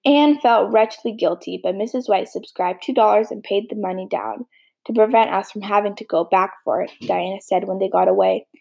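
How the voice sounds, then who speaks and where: A woman reading a classic novel aloud as an audiobook, steady with small slips. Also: mid-range voice, brisk, vocal fry, low-quality recording. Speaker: audiobook reader. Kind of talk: storybook reading.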